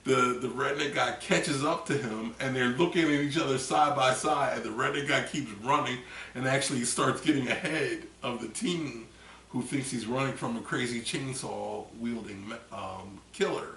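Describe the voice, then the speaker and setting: Vlogger, male, gravelly edge, rambling storyteller, a bit tipsy, distant mic in an echoey room. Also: mid-range voice, moderate pace, slight background noise. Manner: rambling animated storytelling with loud acted screams. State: tipsy from drinking. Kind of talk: casual chat.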